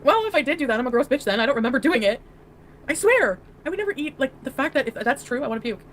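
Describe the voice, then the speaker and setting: Woman, livestreamer, casual chat, crude, giggly, defensive, slightly high voice. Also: expressive, rapid-fire, fairly bright tone, slight background noise.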